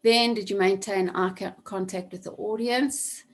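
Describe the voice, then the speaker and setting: A woman runs an online class via video call, her computer mic picking up a medium-pitched, steady, unhurried voice. She lays out a task step by step, coming back to the important points to drive them home.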